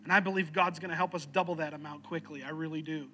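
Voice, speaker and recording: A pastor preaching an earnest sermon, slowing and dropping low to press his points. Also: steady tone, pushed and bright, faint music behind.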